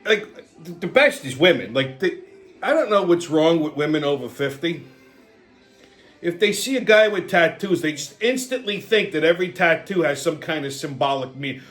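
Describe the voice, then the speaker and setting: High-voiced man ranting, swearing nonstop. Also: very animated, fairly bright tone, soft background music. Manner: exasperated, sweary, rapid restarts and stammers. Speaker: channel host. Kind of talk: profane ranting monologue.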